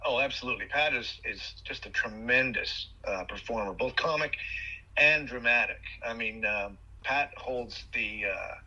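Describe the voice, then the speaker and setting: Bright, husky-voiced man telling stories. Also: mid-range voice, normal speed, highs cut off. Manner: animated storyteller, frequent fillers and restarts. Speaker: guest actor. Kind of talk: podcast interview, storytelling.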